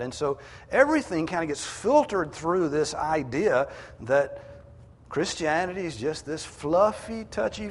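A male preacher delivers a sermon in a slightly breathy, husky voice. His pitch moves a lot, climbing sharply when he presses a point. The sound carries a long reverb, as in a large hall or church. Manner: emphatic, rises in pitch and volume to drive points home.

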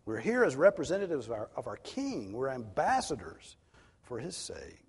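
A man's voice: mid-range voice, wildly swooping pitch, moderate pace, creaky, breathy edge. A man preaching an expository sermon as pastor, teaching in an earnest, emphatic way. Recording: long reverb of a hall.

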